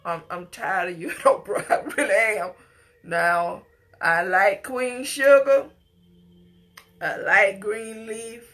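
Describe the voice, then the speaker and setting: A woman's voice: mid-range voice, takes it slowly, a bit bright. A middle-aged woman giving an impassioned, scolding personal commentary, at times tearful and pleading. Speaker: commentator reacting to a news story.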